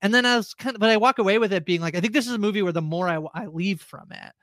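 A woman's voice: medium pitch, very fast, no echo, studio quality. A woman co-hosting a casual movie review podcast, rambling with lots of fillers. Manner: rambling, heavy use of "like" and fillers. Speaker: podcast co-host.

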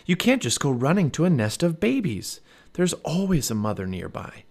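Man playing a worried know-it-all boy, urgent and animated, storybook read-aloud. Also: on the high side, normal speed, voice pushed up. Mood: bossy. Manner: urgent and bossy. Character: cautious, bookish young boy.

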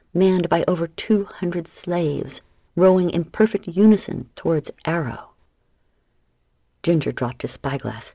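A woman giving a measured, dramatic audiobook narration. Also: sits low, warm tone, slightly rough, no room sound. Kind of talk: scripted narration.

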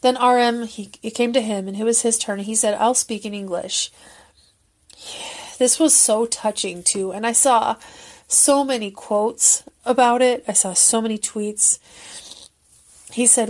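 A woman's voice: fairly high pitch, steady tone, a little slow, a little mellow. A woman giving an emotional, earnest and rambling casual recap of a concert as a fan video creator.

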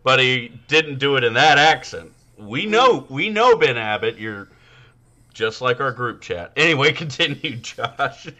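Lively, bright-voiced joking man. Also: mid-range voice, measured pace, highs cut off. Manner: joking, profane banter, often laughing. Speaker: podcast co-host. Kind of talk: casual chat.

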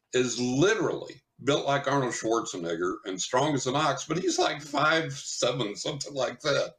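An older man, a psychic medium guest, telling a story in casual chat, lively and chuckling as he acts out what people said. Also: on the low side. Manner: animated anecdotal storytelling, chuckles often, acts out quotes.

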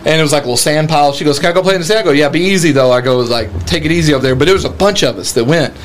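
A man's voice: a little high, very fast, a little hiss or hum. A man co-hosting a podcast, telling stories in casual chat and laughing his way through them. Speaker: podcast co-host.

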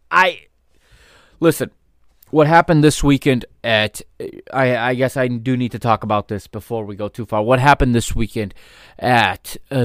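A man hosting a solo podcast, explaining calmly and then breaking into heated, indignant rants full of swearing. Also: medium pitch, no echo, studio quality. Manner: rises from calm explanation into loud, stressed outrage. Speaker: podcast host.

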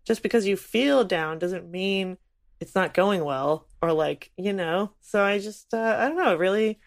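A young woman co-hosting a podcast in casual chat, animated and laughing often. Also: unhurried. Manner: animated, laughs often, high excited squeals. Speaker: podcast co-host.

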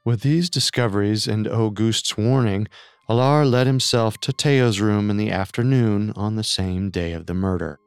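Low, smooth-voiced male narrator. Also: moderate pace, dry recording. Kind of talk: scripted true-crime narration.

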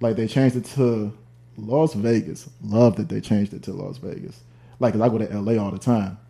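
A young Chicago-accented percussionist, guesting on a podcast, tells stories in casual chat, laughing often and mimicking voices. His voice is lowish and dark, with a steady tone, vocal fry, and normal speed.

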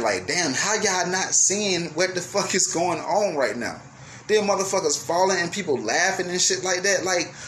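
A young man hosting a radio show, delivering a profane, heated rant that swings between yelling and apologizing. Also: fairly high pitch, a little hiss or hum. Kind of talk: ranting monologue.

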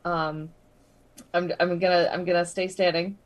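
A woman playing a tabletop role-playing game, talking hesitantly with many pauses and restarts. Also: lowish voice, level tone. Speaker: player. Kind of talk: casual tabletop role-play.

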